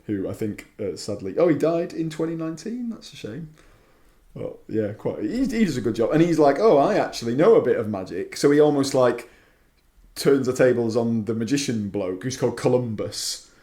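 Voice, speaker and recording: A man's voice: medium pitch, sing-song, moderate pace, dark tone. A man co-hosting a podcast in casual chat, often acting out quotes in put-on voices. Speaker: podcast co-host.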